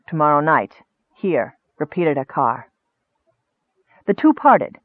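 A man narrates a fantasy story in a measured, expressive voice that sits high. The recording is dry and squeezed into a narrow band, close to a phone line. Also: no room sound. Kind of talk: audiobook narration.

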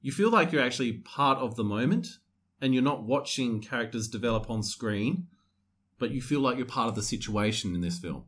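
A man giving his take on a film to his podcast co-host. His voice is of ordinary pitch for a man, and he speaks earnestly, piling up phrases and lists as he builds his argument. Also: expressive, brisk, fairly bright tone. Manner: earnest, listing and building points. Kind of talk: casual movie review chat.

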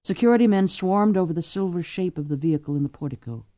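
Expressive woman narrating a novel. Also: on the low side, fast talker, dry recording. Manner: expressive, lively storytelling. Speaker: audiobook narrator. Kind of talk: scripted narration.

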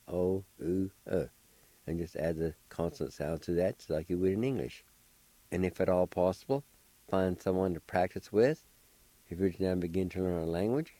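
A man's voice: sits low, warm tone, no room sound, rough recording. A middle-aged man, patiently spelling and pronouncing words as a radio language teacher. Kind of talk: slow spelling and pronunciation lesson.

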